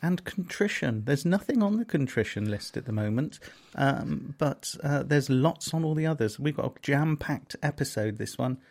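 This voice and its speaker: Brief: gravelly West Country man, dry teasing podcast co-host. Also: mid-range voice, lively intonation, normal speed, hardly any pauses, a little mellow. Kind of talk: casual comedy podcast banter.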